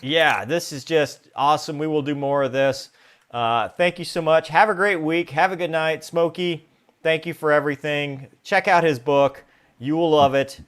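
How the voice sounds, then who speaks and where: A man's voice: fairly high pitch, steady tone, moderate pace, fairly bright tone. A man hosting a live interview show over a video call, enthusiastic and casual. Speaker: podcast host.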